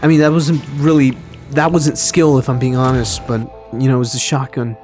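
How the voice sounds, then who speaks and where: A man's voice: mid-range voice, flat delivery, fairly quick, darkish tone, soft background music. A man giving rambling, self-mocking commentary while replaying an old video game match. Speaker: gaming commentator. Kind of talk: casual gameplay commentary.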